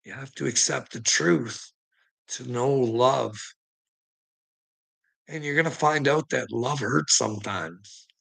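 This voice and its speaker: A man's voice: medium pitch, slow, gravelly, long pauses, a bit bright, slightly rough, low-quality recording. A man hosting a live stream, ranting at his chat in a combative, profane way and needling viewers by name. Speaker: livestream host.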